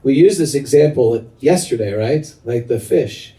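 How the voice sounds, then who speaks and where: A man's voice: mid-range voice, a little slow. A middle-aged man giving a devotional talk to a gathered group as its spiritual teacher. He tells stories with animation and keeps turning questions to his listeners. His voice echoes around the room and comes from a mic set at a distance. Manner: animated storyteller who asks the audience questions. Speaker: spiritual teacher leading kirtan.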